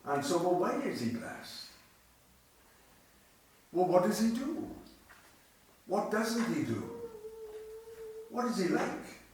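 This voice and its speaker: A man's voice: sits high, very animated, takes it slowly, long pauses, darkish tone. Man preaching in an echoey chapel. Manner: conversational, emphatic repetitions, asks rhetorical questions. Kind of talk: sermon. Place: cemetery chapel. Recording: echoey chapel, distant mic, faint noise.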